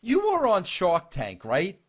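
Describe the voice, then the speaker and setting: A man hosting a casual interview, excitable and incredulous in how he asks. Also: high-pitched, slow, crowd noise. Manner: excitable, incredulous, says bro a lot. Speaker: podcast host.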